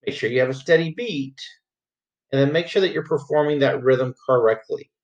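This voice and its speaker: A man teaching music, patiently walking students through a graded assignment and chanting rhythm syllables as examples. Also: mid-range voice. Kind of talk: screen-recorded assignment walkthrough. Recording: slightly dull lo-fi audio.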